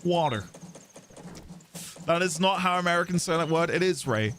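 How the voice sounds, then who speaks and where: A man's voice: high-pitched, little pitch movement, fast, a bit bright, slight background noise. Chatty man streaming a game. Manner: chatty, playful, laughs often, reads chat aloud. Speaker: livestreaming gamer. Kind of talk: casual live-stream chat.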